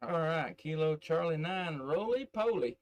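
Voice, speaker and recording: Lo-fi sound catches a middle Tennessee man with a Southern drawl chatting on ham radio into a desk mic, sprinkling in many fillers. His fairly high voice is expressive and a little slow during this casual on-air contact.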